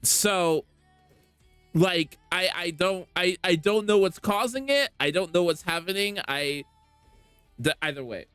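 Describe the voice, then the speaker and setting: Brief: lively, giggly streamer with a bouncy, wide-ranging voice; talks slowly into a dry, close mic. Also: mid-range voice, clear, resonant tone, dry recording, faint music behind. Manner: giggly and animated, laughs often. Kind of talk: casual live game stream chat. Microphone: streaming microphone.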